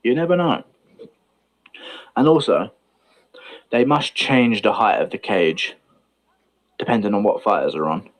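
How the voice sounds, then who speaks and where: A man's voice: fairly low pitch, a little slow, long pauses. A man streaming a live fight, giving casual watch-along commentary, offhand and swearing freely as he thinks aloud.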